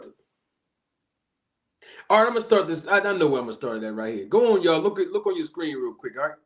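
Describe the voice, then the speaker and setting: A man hosting a live stream, chatting casually and giving animated shout-outs to viewers. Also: a little high, fast, pauses often. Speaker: livestream host.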